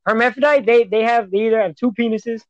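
A man's voice: extremely high pitch, fast talker, muffled recording, a little hiss or hum. A young man in casual chat with friends, rambling through crude jokes. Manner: joking, rambling, crude humor.

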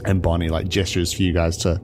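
A man narrating a tabletop game as game master, talking in a halting way full of fillers and restarts. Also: low-pitched, flat delivery. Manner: halting, filler-heavy storytelling.

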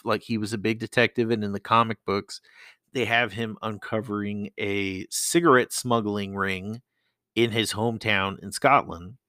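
A man's voice: fairly low pitch, fairly bright tone, dry recording. A man hosting a casual solo podcast, rambling and swearing as he talks into a close mic. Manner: rambling, profane, laughs often. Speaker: podcast host.

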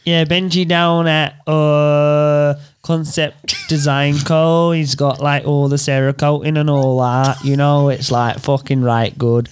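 A man's voice: a little high, level tone, slow pace, slight background noise. A young Australian man co-hosting a podcast, crude and slangy. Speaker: podcast co-host. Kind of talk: casual podcast banter.

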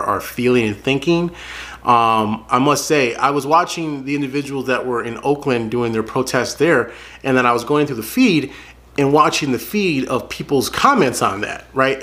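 A man's voice: mid-range voice, fairly bright tone. A man giving earnest spoken commentary to his viewers, repeating phrases for emphasis and calling them folks. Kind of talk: casual spoken commentary to camera.

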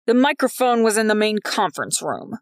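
A woman's voice: medium pitch, sing-song, a little fast, dry recording, studio quality, lightly acted. A woman doing a grave old vice principal. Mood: lecturing. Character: stern older male vice principal, solemn and self-important.

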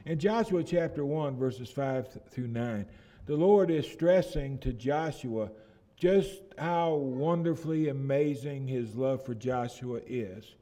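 Casting: middle-aged male preacher, dark mellow tone, halting, builds to loud scripture reading. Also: medium pitch. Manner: halting restarts, swells loud and slow on scripture. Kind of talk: sermon.

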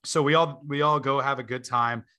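A man's voice: medium pitch, steady tone, normal speed, pushed and bright. A man in his twenties, a podcast host, telling a long story in a casual way, full of fillers and laughing asides.

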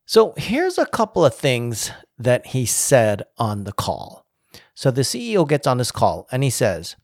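A man giving casual spoken commentary on leadership, emphatic and climbing higher in pitch as he presses a point. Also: sing-song, moderate pace, vocal fry, no room sound, clean studio sound. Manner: emphatic, rises in pitch when making a point.

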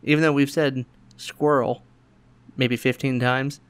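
Animated storytelling man. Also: unhurried, clear, resonant tone. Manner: animated, acts out quotes in higher voices, laughs often. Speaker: podcast host. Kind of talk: casual storytelling chat.

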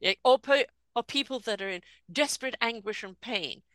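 An older woman hosting a conversational interview, talking in an animated way and acting out small quoted voices. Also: on the high side, normal speed, clear, resonant tone, dry recording.

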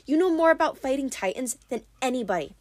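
A woman reading an audiobook, voicing a determined teenage girl who speaks firmly and encouragingly, a little higher than her narration. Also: expressive, quick pace, dry recording. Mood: urging.

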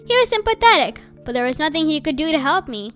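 A woman reading a first-person audiobook in a wry, deadpan storytelling manner. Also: high voice, fast, faint music behind. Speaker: audiobook narrator.

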